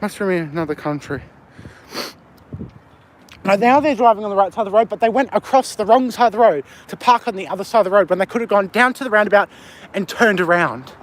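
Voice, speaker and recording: A fairly high-pitched man with an Australian accent talks casually to his live chat while walking outdoors at night. He rambles, answers questions aloud and swears freely, recorded on a handheld phone. Faint street noise and passing traffic sit underneath. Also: quick pace. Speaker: livestreamer. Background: faint street and traffic ambience.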